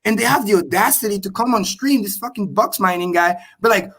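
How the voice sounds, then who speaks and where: A man on a video call explaining crypto with excitable, profane energy and repeating key points slowly for emphasis. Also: high voice. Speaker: crypto show guest. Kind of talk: animated livestream explanation.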